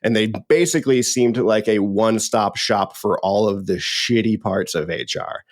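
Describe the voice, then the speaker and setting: A man's voice: lowish voice, moderate pace. A man co-hosting a podcast in a playful, candid, conversational chat. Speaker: podcast co-host.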